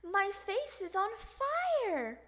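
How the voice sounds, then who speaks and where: Woman voicing a young boy frog for a storybook: high, loud, whiny, excitable. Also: very slow, exaggerated voice. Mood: excited, whiny. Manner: whiny, shouting.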